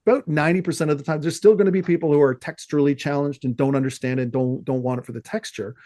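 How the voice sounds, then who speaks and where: A man from Canada telling stories in a casual podcast chat, acting out the people he quotes with animated energy. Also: a little high, fast talker, no echo, clean studio sound. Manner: animated storyteller, acts out quoted dialogue. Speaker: podcast guest, oyster shucker.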